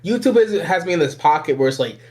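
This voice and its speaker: Brief: young Southern man, podcast host, outgoing and giggly, voice sits a bit high. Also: animated, fast, darkish tone. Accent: Southern American. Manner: boisterous, outgoing, laughs often. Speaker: podcast host, anime YouTuber. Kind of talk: casual podcast chat.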